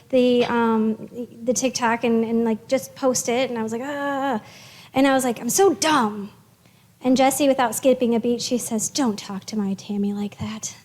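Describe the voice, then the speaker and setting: High-voiced upbeat woman presenter. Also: darkish tone, big-room sound. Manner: chatty, upbeat, many fillers and restarts. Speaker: social worker presenting to parents. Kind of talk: casual presentation to parents.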